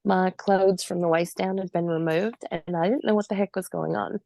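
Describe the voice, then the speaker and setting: A woman's voice: fairly low pitch, steady tone, normal speed, vocal fry, warm tone, no echo. A woman in her forties, a podcast guest, telling her own story in vivid, emphatic detail with occasional laughs.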